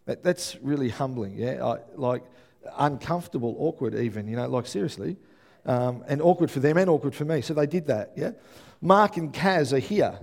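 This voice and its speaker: An Australian man preaching a sermon as pastor, telling stories with lively energy and often checking in with the congregation. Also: mid-range voice, moderate pace, gravelly. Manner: animated storytelling with frequent "yeah?" check-ins to the congregation.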